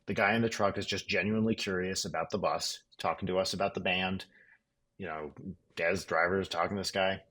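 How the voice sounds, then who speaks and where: A man's voice: deep voice, fairly even intonation, a little fast, sharp tone. A man co-hosting a podcast, telling a road story in a dry, wry, casually profane way. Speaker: podcast co-host.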